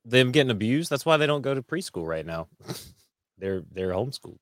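A man's voice: medium pitch, sing-song, moderate pace, no echo. A man co-hosting a casual chat over a remote call, offhand and dry. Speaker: podcast co-host.

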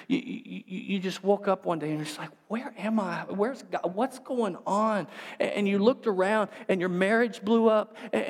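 High-voiced male preacher in an echoing hall. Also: vocal fry. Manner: swings from hushed, whispered lines to loud emphatic repetition. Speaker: pastor. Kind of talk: sermon. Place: church sanctuary. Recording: long reverb of a large hall.

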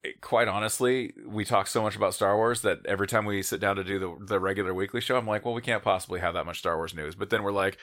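Bright-voiced joking podcast man. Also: lowish voice, quick pace, hardly any pauses. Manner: joking, laughs easily. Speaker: podcast co-host. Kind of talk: casual podcast chat.

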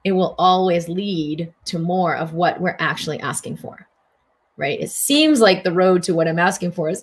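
A middle-aged woman giving a casual spiritual wellness talk in gentle, flowing, affirmation-like phrasing. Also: on the low side, normal speed. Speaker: wellness speaker.

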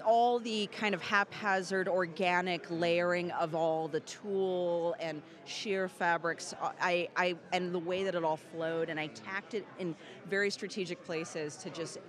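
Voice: mid-range voice, steady tone, unhurried, hardly any pauses, fairly bright tone. An enthusiastic puppet costume designer explaining their craft in a casual interview. The voice sits mid-range and the talk lingers on fine details.

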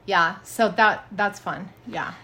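A woman in her thirties co-hosting a casual podcast chat, telling lively stories and acting out what people said. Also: medium pitch, slow. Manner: animated storyteller, acts out quotes. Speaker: podcast co-host.

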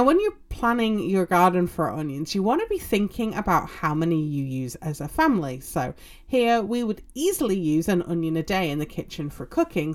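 Woman podcast host, slightly low voice, easygoing how-to delivery. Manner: relaxed, explanatory, frequent ums and you-knows. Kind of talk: gardening podcast talk. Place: home in a short-season area.

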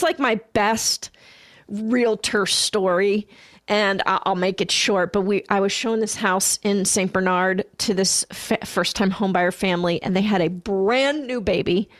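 A woman co-hosting a podcast, chatting casually as a realtor and telling animated stories. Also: medium pitch, a little slow, dry recording, clean studio sound. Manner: animated, acts out quoted voices. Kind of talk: casual chat, storytelling.

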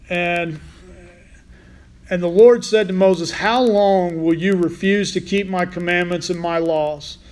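A man's voice: high-pitched, darkish tone. A man preaching a casual Bible sermon, asking his listeners questions as he goes. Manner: informal, asks the listeners questions. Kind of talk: conversational sermon.

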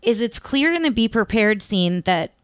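A woman co-hosting a podcast, giving opinionated, animated movie-review chat. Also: a little high, moderate pace, clear, resonant tone, no echo, clean studio sound. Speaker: podcast co-host.

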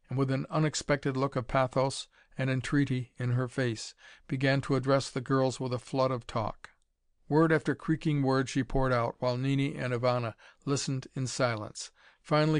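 A man narrating an adventure novel as an audiobook in a steady, measured storytelling manner. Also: mid-range voice, smooth, no room sound, studio quality.

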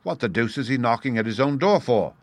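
A man reading the part of an excitable young male clerk who speaks in an eager, exclamatory way. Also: medium pitch, brisk, no room sound, close to an everyday voice.

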